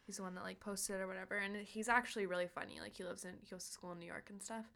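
A woman's voice: mid-range voice, fairly even intonation, very fast, fairly bright tone. A young woman co-hosting a podcast, chatting casually and telling a story full of fillers. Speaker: podcast co-host. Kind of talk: casual chat.

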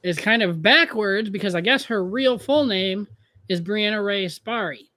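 A man's voice: high-pitched, a little slow, pushed and bright, no echo. A man co-hosting a podcast over a remote call, chatting casually, laughing often and trailing off with fillers. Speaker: podcast co-host. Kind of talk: casual chat.

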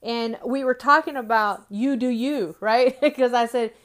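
A woman's voice: on the high side, measured pace. A woman in her forties giving an earnest faith-based motivational talk, repeating phrases and often asking "right?". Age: 40s. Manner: earnest, repetitive, with frequent "right?" tag questions. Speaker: Christian speaker.

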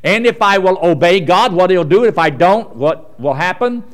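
A man preaching a sermon in a folksy way, going from loud emphasis to quiet asides. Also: high-pitched, lively intonation, moderate pace.

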